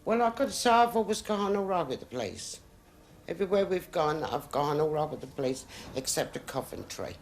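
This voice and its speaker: A middle-aged football supporter telling a story in a plain, matter-of-fact way. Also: male voice, a little high, expressive, a little fast, slight background noise.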